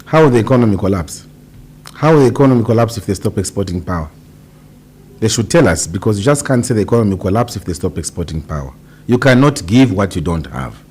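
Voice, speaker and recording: A man's voice: on the low side, expressive, fast, darkish tone, slightly rough. A Zambian man, a politician, answering radio interview questions in an impassioned, emphatic way with rhetorical questions. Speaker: politician guest.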